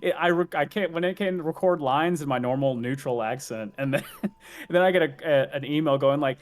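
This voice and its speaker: Chuckling voice actor, easygoing chat. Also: male voice, fairly high pitch, fairly quick. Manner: laughs through his stories, chuckling. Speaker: voice actor guest. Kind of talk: casual chat on a game stream.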